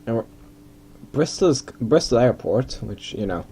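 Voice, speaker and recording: Man from Ireland, casual game host, dark mellow voice, faint hum in the background. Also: medium pitch, lively intonation, takes it slowly. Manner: rambling, self-deprecating, thinking aloud. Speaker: gaming video host. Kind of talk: casual gameplay commentary.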